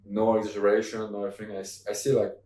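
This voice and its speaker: Young French man, animated, in an echoey room. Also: fairly low pitch, far from the mic. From France. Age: young adult. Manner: animated, halting English, laughs often. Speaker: podcast guest. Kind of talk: casual conversation.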